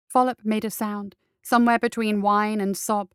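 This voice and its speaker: Smooth-voiced woman narrating a dark tale. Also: medium pitch, little pitch movement, no room sound, studio quality. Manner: measured, dramatic storytelling. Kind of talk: scripted audiobook narration.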